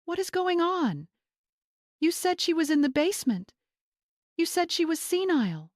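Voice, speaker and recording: A woman voicing a snobbish middle-aged mother with a shrill, indignant manner. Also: sing-song, a little slow, mellow, no room sound, clean studio sound.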